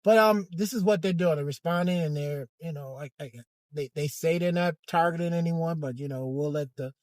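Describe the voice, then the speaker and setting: A man giving a hesitant, halting commentary monologue from inside a car, with frequent restarts. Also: on the high side, darkish tone, no room sound. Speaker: vlogger.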